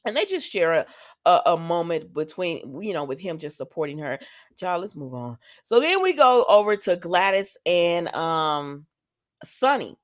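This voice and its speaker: A woman's voice: lowish voice, very animated, measured pace, dry recording, studio quality. A woman recapping a soap opera episode in casual, rambling talk, often stopping to talk back to the characters. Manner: chatty, digressive, talks back to the characters.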